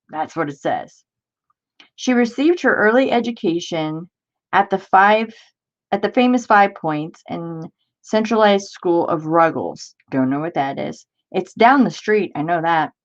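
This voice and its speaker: A woman's voice: fairly low pitch, lively intonation, unhurried, highs cut off. Chatty woman reading old text aloud. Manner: chatty, exclaims in disbelief at odd old-fashioned wording; stumbles over hard words while reading. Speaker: crafting livestream host. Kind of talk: casual livestream chat, reading aloud.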